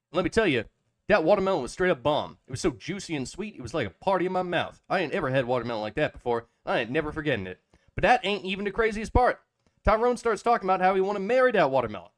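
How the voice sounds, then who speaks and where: Man doing a brash young storyteller, drawling slang, pitched up high, very lively. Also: no echo, close to an everyday voice. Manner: emphatic, drawling, heavy slang. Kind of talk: dramatic reading of a chatbot text.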